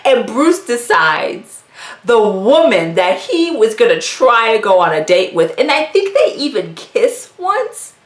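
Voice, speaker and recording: A woman's voice: a little high, very animated, a little slow, reverberant. A woman hosting a casual comics history vlog, chatty and giggly, full of asides. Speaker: YouTube comics history host.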